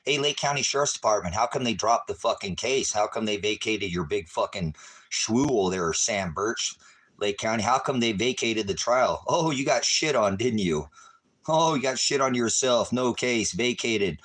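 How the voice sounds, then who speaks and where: A man ranting at his viewers on a livestream, cursing and taunting them, swinging between shouting and low muttering. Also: animated, normal speed. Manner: angry, cursing, taunting, repeating insults. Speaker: ministry livestreamer. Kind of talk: profane livestream rant at viewers.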